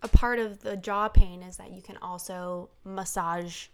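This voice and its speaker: A woman's voice: fairly low pitch, steady tone, measured pace, clean tone. A young woman co-hosting a podcast, telling a story in casual chat, full of "like" fillers and laughter. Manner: chatty storytelling, laughs often, many "like" fillers. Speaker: podcast co-host.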